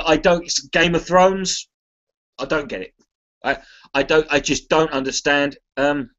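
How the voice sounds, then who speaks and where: An English man with a fairly high voice rambles to his viewers, cursing often and tripping over his own sentences. The audio is a bit dull and muffled, like a lo-fi stream recording. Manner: rambling, swears freely, restarts sentences. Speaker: charity livestream contributor. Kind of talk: casual rambling chat to a live stream.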